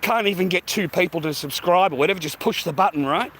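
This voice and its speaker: A man's voice: high voice, fast, fairly bright tone. A middle-aged Australian man chatting and swearing on a casual vlog while walking, calling viewers mate and bro. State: out of breath carrying a heavy bag. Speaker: vlogger. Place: outdoors walking in street. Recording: faint traffic noise outdoors.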